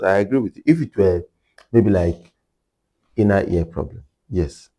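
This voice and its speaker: A man's voice: deep voice, normal speed, mellow. A man working as a hearing care clinician, explaining in an interview and repeating his key points for emphasis.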